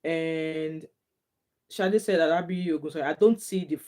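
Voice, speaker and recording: A woman's voice: sits low, a little slow. A middle-aged woman with a Nigerian accent, chatting casually as a vlogger, reading out viewer comments and reacting with frequent laughter and bits of Pidgin. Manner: chatty and animated, laughs often, drops into Nigerian Pidgin phrases. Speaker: gossip vlogger.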